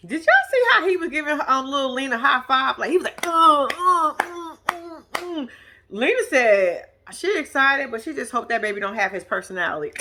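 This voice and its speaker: A woman casually recapping a reality TV episode, slangy and animated, laughing often. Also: high-pitched, fairly quick, hardly any pauses, noisy background.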